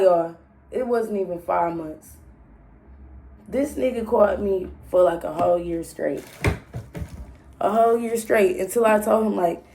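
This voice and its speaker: Young female vlogger, gravelly fry, blunt and profane storyteller. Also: mid-range voice. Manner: blunt, profane, talks straight to viewers. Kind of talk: casual storytime monologue.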